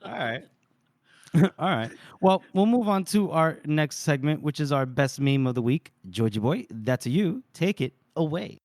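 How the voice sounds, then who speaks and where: A man's voice: fairly high pitch, lively intonation, a little slow, darkish tone, dry recording. Male podcaster with a dry, close sound. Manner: joking, apologetic, wry. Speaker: podcast co-host. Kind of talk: casual chat.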